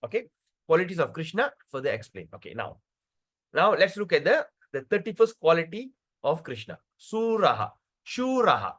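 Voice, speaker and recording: A man teaching a devotional scripture class, checking in often with "okay" and "right", and spelling out pronunciation slowly. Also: a little high. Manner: lively, repeats words and checks in with "okay" and "right".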